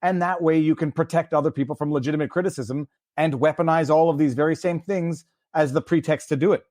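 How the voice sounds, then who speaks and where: A man's voice: a little high, fairly even intonation, fast talker, darkish tone, no echo, clean studio sound. A man hosting a podcast in casual chat, speaking earnestly and opinionatedly with frequent restarts.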